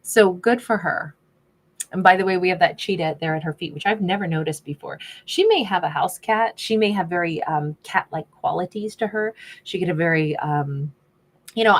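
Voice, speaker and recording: A woman with a somewhat low voice talks through a tarot spread in a loose, chatty way. She rambles off into asides and speaks informally, as if from her desk at home. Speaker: tarot reader. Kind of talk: casual tarot reading monologue.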